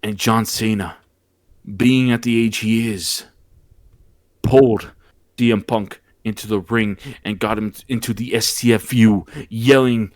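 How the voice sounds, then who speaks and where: A man's voice: fairly low pitch, unhurried, no room sound. A man hosting a casual podcast, animatedly retelling a wrestling show and stumbling over restarts as he goes. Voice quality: animated storyteller, frequent restarts. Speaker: podcast host. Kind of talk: excited wrestling recap, casual chat.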